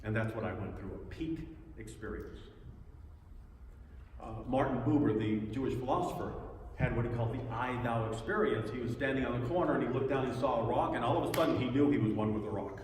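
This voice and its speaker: A man giving a personal testimony talk at a spiritual center, telling stories with pauses and repeated words. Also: medium pitch, a little hiss or hum. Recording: echoey hall, distant mic.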